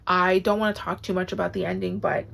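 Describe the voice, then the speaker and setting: A woman speaks fast in a fairly low, gravelly yet fairly bright voice, her delivery flat, with slight background noise. In a casual at-home book vlog, she reviews to camera while gushing, nearly crying, and saying "like" a lot.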